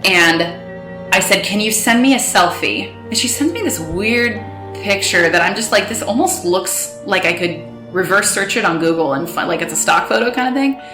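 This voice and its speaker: A woman recounting a personal story with emotion, halting and restarting, quoting others in quick bursts. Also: medium pitch, animated, reverberant, over music. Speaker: guest telling her story.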